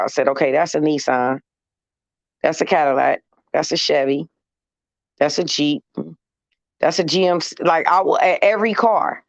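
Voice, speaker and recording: Woman in her 30s, livestream host, animated storyteller who swears freely; dry, slightly dull recording. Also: low-pitched, no echo. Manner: animated, swears freely, hums "mm" between phrases. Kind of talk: casual storytelling chat.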